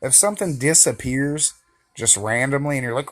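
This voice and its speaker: A man's voice: medium pitch, moderate pace, a bit bright. A man vlogging a casual, meandering monologue to camera, full of fillers and joking asides but candid and reflective.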